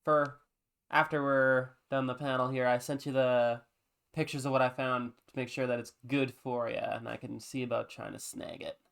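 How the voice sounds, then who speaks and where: Smooth-voiced easygoing panel host. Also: mid-range voice, moderate pace. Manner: relaxed, easygoing, reads chat messages aloud. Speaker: panel host and vendor reading chat. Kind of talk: casual chat. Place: convention panel stage.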